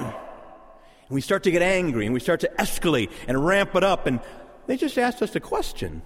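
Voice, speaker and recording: A male pastor preaching a sermon in a church, lively and conversational, acting out quoted voices and chuckling now and then. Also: sits high, moderate pace. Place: church sanctuary. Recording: long hall reverb.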